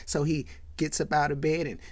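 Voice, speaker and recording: A host recapping a comedy film scene by scene in a chatty, animated storytelling manner, often checking in with "right?". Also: mid-range voice, moderate pace, no echo. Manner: animated, conversational storytelling with tag questions.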